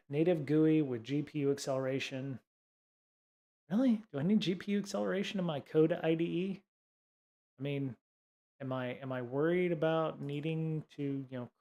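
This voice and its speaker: Male stream host, mid-pitched voice, loose, sarcastic, full of fillers. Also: a little mellow. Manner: rambling, sarcastic asides, many fillers. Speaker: livestream host teaching coding. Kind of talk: casual livestream tutorial.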